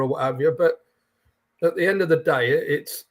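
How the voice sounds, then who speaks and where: A man's voice: on the high side, moderate pace. A man chatting casually as a guest, rambling and thoughtful, often repeating his words. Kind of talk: casual livestream chat.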